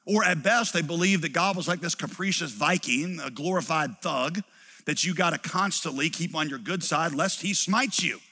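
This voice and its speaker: Animated man preaching in a reverberant hall. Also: on the high side, normal speed, husky. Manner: animated, acts out quoted voices, drops to quiet emphasis. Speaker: pastor. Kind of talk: sermon.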